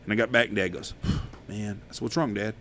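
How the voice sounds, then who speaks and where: A man, hosting a podcast and telling profane, animated stories in casual chat. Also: on the low side, brisk, slight background noise. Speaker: podcast host. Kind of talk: casual storytelling.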